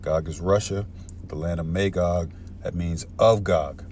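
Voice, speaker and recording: A man with a lowish voice gives a fired-up, cursing Bible lesson, dropping "man" and "bro" all through it. Faint vehicle noise hums behind him. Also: steady tone, measured pace, darkish tone. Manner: heated and profane, peppered with "man" and "bro". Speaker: street-style scripture teacher. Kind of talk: casual profane Bible teaching.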